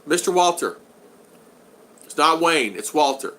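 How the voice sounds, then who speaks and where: A man's voice: fairly high pitch, lively intonation, unhurried, fairly bright tone. A man in his sixties hosting a casual live stream at home, chatting loosely, reading out viewer comments and teasing regulars in a friendly way. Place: at home in the Philippines.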